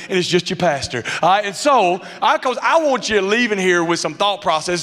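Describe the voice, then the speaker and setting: A high-voiced pastor delivers a lively sermon from a church stage, slipping into mocking character voices as he goes. His words ring out with a long hall reverb around them. The delivery is playful and animated. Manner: animated, acts out mask characters with funny voices. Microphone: muffled through a mask.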